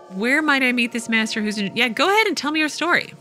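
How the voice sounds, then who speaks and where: A woman's voice: on the high side, lively intonation, fast, hardly any pauses, sharp tone, soft background music. A woman hosting a let's play, wryly reading the game's dialogue aloud and commenting as she plays. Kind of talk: casual gameplay commentary.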